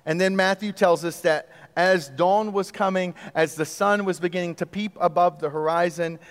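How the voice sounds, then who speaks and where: A man delivers a sermon with a fairly high voice and an easy, conversational way of preaching. He leans on rhetorical questions and dramatic pauses. His words ring out in a large hall with long reverb. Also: steady tone. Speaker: pastor.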